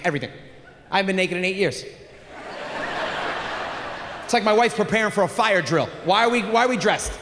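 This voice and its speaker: A man in his forties doing a crude, animated stand-up comedy set on a theater stage, with shouted punchlines. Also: fairly high pitch, slight background noise. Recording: live theater recording with long reverb.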